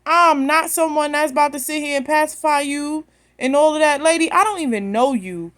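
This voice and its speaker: A woman's voice: high-pitched, brisk, fairly bright tone. A woman, telling a story bluntly and with animation straight to her phone camera. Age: 30s. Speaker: vlogger.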